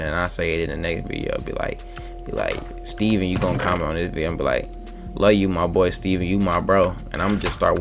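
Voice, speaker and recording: A young man with a fairly low voice rambles through late-night thoughts while gaming. His talk is slangy, meandering and laid-back. Faint keyboard typing and clicks sit behind him. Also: slight background noise. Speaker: gaming vlogger. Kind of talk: casual late-night gameplay chat.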